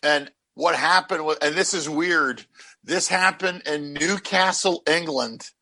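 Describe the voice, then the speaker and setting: A man hosting a casual chat, telling animated stories and laughing often. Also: a little high, a little slow. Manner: animated storyteller, laughs often, acts out voices in anecdotes. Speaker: podcast host and comedian.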